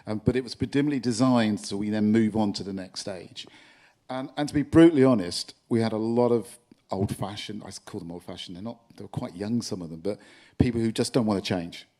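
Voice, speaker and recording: An older man with a London accent speaks as a panelist on a conference stage before a live audience, blunt and animated and ready to laugh at himself. His pitch is fairly low and his delivery brisk.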